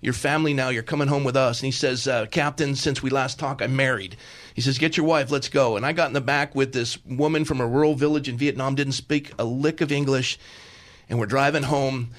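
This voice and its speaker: Earnest storytelling radio host, fifties. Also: male voice, mid-range voice, steady tone, a little fast. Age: 50s. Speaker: guest radio host and pastor. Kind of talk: talk radio conversation.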